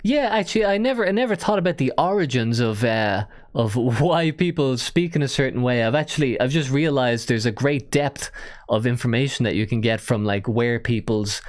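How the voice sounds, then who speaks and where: A man's voice: mid-range voice, animated, moderate pace. A man hosting a live-stream call-in show, chatting casually, self-mocking and rambling with fillers.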